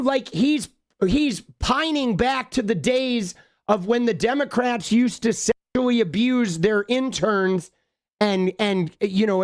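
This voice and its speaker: A woman's voice: on the high side, a little mellow. A woman co-hosting political commentary on a livestream, sarcastic and full of rhetorical questions. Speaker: livestream co-host.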